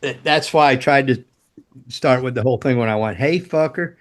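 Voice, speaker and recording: A man's voice: medium pitch, brisk. Older guy from the states, old roadie rambling and cussing through tour stories. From United States. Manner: profane, rambling anecdotes. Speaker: podcast guest, former guitar tech. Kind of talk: casual storytelling.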